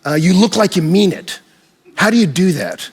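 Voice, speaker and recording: A man preaching a sermon as pastor, animated, rising into shouts and then dropping low. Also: moderate pace. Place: church service in a hall.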